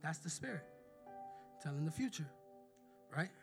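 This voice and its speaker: A male preacher delivering an emphatic sermon, calling out questions to the congregation and building to loud passages. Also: a little high, lively intonation, normal speed, creaky, faint music behind.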